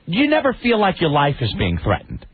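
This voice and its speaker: Animated man telling a story on talk radio. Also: fairly high pitch, brisk, husky, no room sound. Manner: animated, acts out the people in his stories. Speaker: radio show co-host. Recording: tinny phone-like radio audio.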